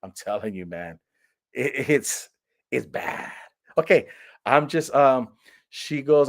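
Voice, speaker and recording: A man's voice: mid-range voice, lively intonation, slow pace, vocal fry, pauses often. A man giving a sarcastic, exaggerated casual movie review, rambling with lots of restarts.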